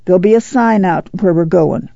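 A reader plays a tired but unbending older farm mother, her gravelly, dark voice giving firm orders in a plain rural drawl. The audiobook recording is dull and dry. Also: fairly low pitch, normal speed, no room sound. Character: weary, determined farm mother.

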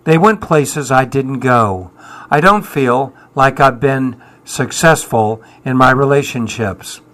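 An older man in his seventies who talks at an unhurried, measured pace. His voice sits in an ordinary middle register, and his answers are wry and self-deprecating. He reflects on his life with a dry sense of humour. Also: medium pitch, fairly bright tone. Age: 70s. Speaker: musician guest.

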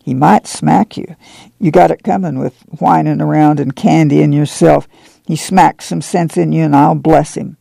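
A man voicing a stern, steady farm mother who speaks firmly in a drawl. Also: sits low, moderate pace, creaky, no echo, full character voice. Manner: firm and plain-spoken.

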